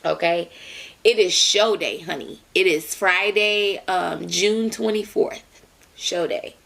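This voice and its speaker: A young adult woman vlogger telling a story casually, in an animated way with lots of fillers and repeated words. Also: fairly low pitch, slow, gravelly.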